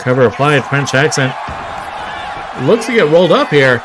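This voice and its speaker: A man doing live play-by-play commentary on a wrestling show, excitable, with frequent exclamations and wry asides. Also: on the high side, moderate pace. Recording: clear crowd noise and background noise.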